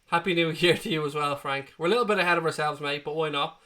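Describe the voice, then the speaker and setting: A fast-talking Irish man in his thirties, voice a little high, bright and forceful, hosts a live football watchalong. Still recovering from being sick, he chats in a matey way and handles viewers' comments one by one.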